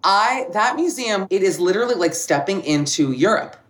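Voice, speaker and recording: A woman guest on a comedy podcast, telling stories in an animated, joking way and laughing often. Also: mid-range voice, moderate pace. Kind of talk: casual comedic chat.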